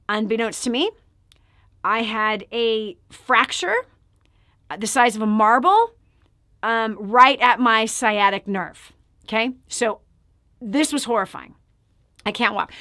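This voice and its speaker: High-voiced woman giving emphatic testimony. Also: sharp tone, no room sound, clean studio sound. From California. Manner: emotional, emphatic storytelling, drops to a near whisper. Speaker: show host and speaker. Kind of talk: personal testimony to an audience.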